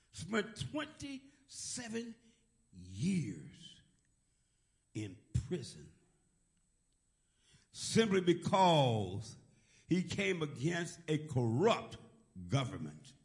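A middle-aged male pastor preaching a sermon, leading the congregation in call and response, often saying "praise God" and building up to shouts. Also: on the high side, gravelly.

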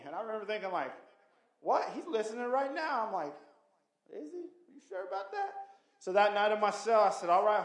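A man in his thirties telling his testimony as a sermon, in a lively street-slang storytelling manner with acted quotes. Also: high-pitched, echoey room. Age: 30s. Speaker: testimony speaker. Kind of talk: preaching testimony.

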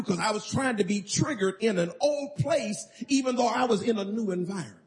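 A pastor delivers his sermon with a notably high-pitched male voice. He preaches emphatically, pressing his points and drawing answers from the congregation. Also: fairly quick, few pauses. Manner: emphatic preaching with call-and-response.

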